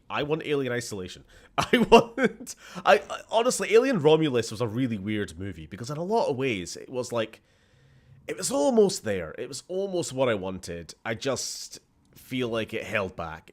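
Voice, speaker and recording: Scottish man hosting a game playthrough, deep and animated, chatty and prone to laughing. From Scotland. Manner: rambling, chatty, laughs often, talks to characters. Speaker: gaming channel host. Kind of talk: casual let's-play commentary.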